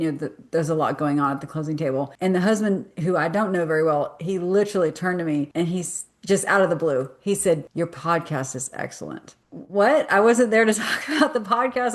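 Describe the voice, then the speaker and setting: Woman podcast co-host, animated storyteller, gushing, slightly low voice. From Southern United States. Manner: effusive, chatty, animated storytelling. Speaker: podcast co-host, real estate agent. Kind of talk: casual podcast chat.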